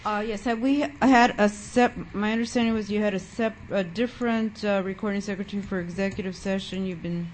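A woman board member in a large meeting room, asking a question haltingly and restarting words. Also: mid-range voice, fairly even intonation, a little hiss or hum.

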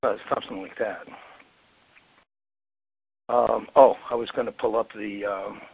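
A man reading bylaws aloud in a committee meeting, halting while he finds his files and then reading steadily. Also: lowish voice, steady tone, no echo. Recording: phone-line audio, husky.

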